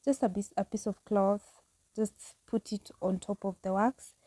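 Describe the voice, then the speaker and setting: A woman's voice: mid-range voice, steady tone, unhurried, warm tone, dry recording. A woman vlogging a casual home tutorial, chatty and candid, laughing at herself as she goes. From Kenya.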